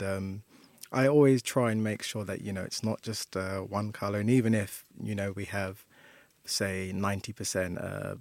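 A man's voice: fairly low pitch, creaky, no echo. A man, a primary school teacher, telling reflective stories with many "you know"s. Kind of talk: casual discussion.

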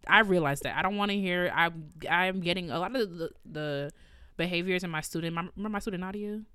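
Woman, lower pitch, dry close sound, animated exasperated storytelling, casual chat. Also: quick pace, clean tone, no echo. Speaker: podcast co-host and orchestra teacher.

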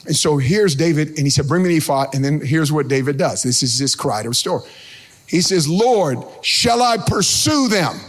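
Man, pastor, high voice, lively sermon, sing-song shouting, calls to the crowd. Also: a little fast. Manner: animated preaching with sing-song shouts and crowd call-outs. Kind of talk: energetic sermon.

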